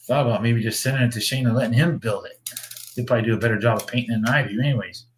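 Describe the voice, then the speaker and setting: A man chatting casually on a livestream about his hobby builds. He rambles, restarts his sentences, swears freely and chuckles at his own jokes, in a voice of ordinary middle pitch. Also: racing, slight background noise. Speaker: slot car builder and show host.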